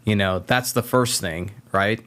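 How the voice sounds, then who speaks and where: A man talks on a podcast as an interview guest, telling animated stories. He often stumbles and restarts his sentences. His voice sits a little low. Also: a little slow. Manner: animated storyteller, repeats words when starting sentences. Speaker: podcast guest, medtech sales advisor. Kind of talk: casual chat.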